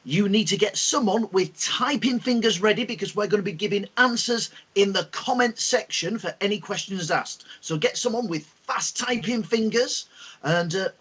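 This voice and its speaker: Lively man teaching an online class. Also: high voice, normal speed, husky. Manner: lively, expressive teacher talk with fillers. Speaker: host. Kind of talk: online lesson for school pupils.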